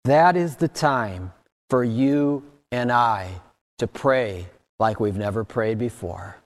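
Man in the pulpit, unhurried earnest preaching that swells on key points, reverberant hall sound. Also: medium pitch. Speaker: pastor. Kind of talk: sermon.

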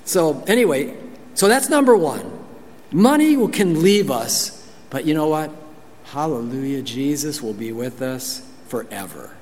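A male pastor delivers a lively sermon, switching into higher voices to act out quotes and chuckling along the way. His voice sits a little high for a man, and long reverb trails each phrase as if from a large church hall. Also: a little slow, a little hiss or hum. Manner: animated, acts out quotes in high voices, laughs.

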